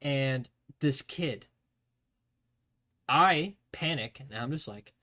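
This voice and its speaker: A man telling army training stories to his stream in a casual, profane, animated way. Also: mid-range voice, slow.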